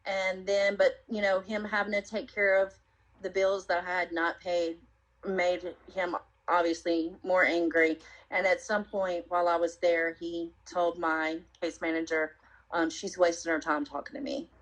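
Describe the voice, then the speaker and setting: A woman's voice: fairly low pitch, flat delivery, unhurried, low-quality recording. Earnest woman telling her testimony. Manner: earnest, reflective storytelling with many fillers. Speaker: guest sharing her testimony. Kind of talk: personal testimony interview.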